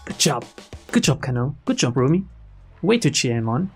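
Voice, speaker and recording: A man's voice: mid-range voice, sing-song, normal speed, husky. A man narrating a game casually, with sarcastic, chuckling asides. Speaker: let's play narrator. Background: game music.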